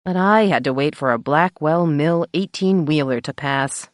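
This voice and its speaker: A woman's voice: deep voice, moderate pace, no echo. A woman narrating an audiobook in first person, with a wry storytelling manner, on a close mic. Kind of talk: scripted narration.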